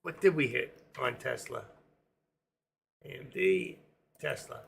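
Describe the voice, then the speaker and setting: A man in his sixties runs a casual stock trading livestream, wandering off into jokes between his chart calls. His voice is gravelly and husky, hoarse as if he is losing it, yet it stays bright and forceful. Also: mid-range voice, animated, slow. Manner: rambling, joking asides, sings snatches of songs. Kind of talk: casual live-stream market commentary.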